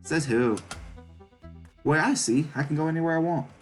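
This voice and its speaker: A man's voice: a little high, moderate pace, faint music behind, pitched above the performer's own voice, lightly acted. A man doing Thanatos, a cocky British creature. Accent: British, put on. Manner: blunt, slangy, brushes off questions. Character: cocky male creature, blunt and streetwise.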